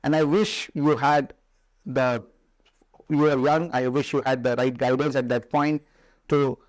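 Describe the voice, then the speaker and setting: A man hosting a podcast, asking sympathetic, probing questions with frequent "uh" pauses. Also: medium pitch, no echo, low-quality recording. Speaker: podcast host. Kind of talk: interview questions.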